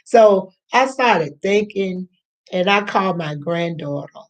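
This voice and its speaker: Slow-talking older woman telling a story. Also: fairly low pitch, animated. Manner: slow, chatty, repeats herself, acts out quoted voices. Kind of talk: casual storytelling to camera.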